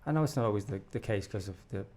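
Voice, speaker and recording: A man hosting a casual interview podcast, talking in an animated, encouraging way with lots of stammered restarts. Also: lowish voice, racing. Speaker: podcast host, director.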